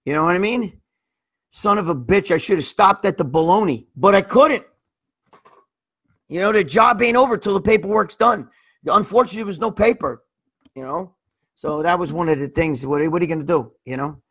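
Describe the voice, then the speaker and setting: A middle-aged man telling crude stories on a livestream, loose and rambling, with a lot of cursing. His voice sits high for a man and has a husky, raspy edge. He keeps circling back with "you know what I mean?". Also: a little fast, a bit bright. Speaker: livestream host reading viewer comments. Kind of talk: crude casual storytelling.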